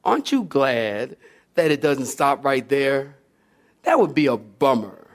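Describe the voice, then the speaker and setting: A male pastor preaching a sermon in a lively, playful way, acting out scenes. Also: medium pitch, unhurried.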